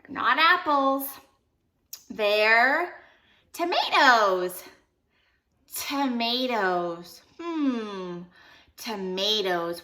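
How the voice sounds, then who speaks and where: A young woman with a high, bright voice leads a children's phonics lesson. She talks slowly and playfully, breaking into short sung lines as she sounds out letters. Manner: playful, animated, sings short song lines. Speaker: teacher.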